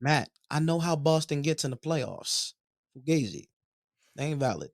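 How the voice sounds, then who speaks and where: A man's voice: fairly high pitch, very animated, moderate pace, no echo, studio quality. A man co-hosting a sports podcast, repeating his points emphatically and swearing in casual banter. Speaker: podcast co-host.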